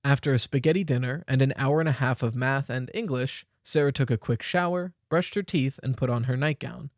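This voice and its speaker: A young man narrating an audiobook in a measured, expressive storytelling voice. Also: mid-range voice, no room sound, clean studio sound. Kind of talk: scripted narration.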